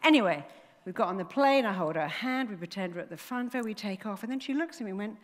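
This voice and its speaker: Woman motivational speaker, lively storyteller, mid-pitched, long hall reverb. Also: fast. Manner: animated storyteller, acts out voices. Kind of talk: motivational talk on stage.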